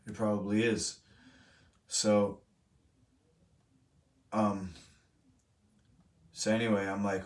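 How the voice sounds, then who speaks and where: A man's voice: fairly low pitch, level tone, slow, long pauses. A young man hosting a live stream, telling a story to his chat in a rambling, profane, self-correcting way. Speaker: streamer host. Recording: roomy, from a distant mic.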